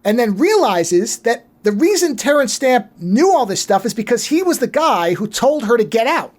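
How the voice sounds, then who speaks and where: A podcast co-host recapping a film in casual chat, animated and profane, acting out the characters' lines as the story goes. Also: medium pitch, moderate pace. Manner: animated storyteller, swears freely.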